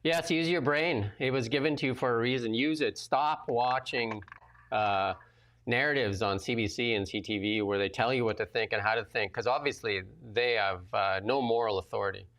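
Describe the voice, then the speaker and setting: A man with a gravelly, fry-heavy voice at an ordinary pitch for a man. He co-hosts a political talk show and talks bluntly, rattling off opinions and quick asides. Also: fairly bright tone. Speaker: co-host.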